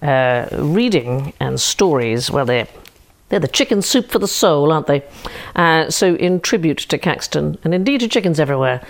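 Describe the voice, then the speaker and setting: Woman reading a fable, low-ish voice, very lively, slow and deliberate. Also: gravelly. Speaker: storyteller. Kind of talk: storybook reading.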